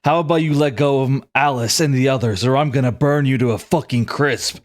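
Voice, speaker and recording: A man's voice: mid-range voice, fairly quick, close to an everyday voice. Man doing an angry defiant swordsman, cocky, tabletop game. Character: defiant young male fighter with a flaming sword.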